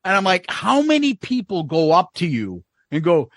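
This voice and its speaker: A man's voice: sits high, normal speed, no echo, clean studio sound. A man co-hosting a podcast in casual chat, telling stories with a lot of swearing and acted-out quotes. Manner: animated storyteller, swears a lot. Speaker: podcast co-host.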